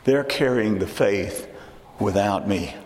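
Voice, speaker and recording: A man's voice: on the low side, slow pace, darkish tone, big-room sound. A man with a Texan accent preaching a sermon in a conversational way, often repeating and restarting phrases. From Texas.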